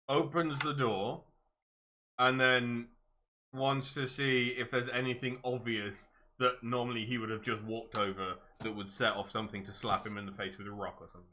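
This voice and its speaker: A man playing in a casual tabletop game, talking in halting starts and laughing easily. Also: medium pitch, pushed and bright. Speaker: player.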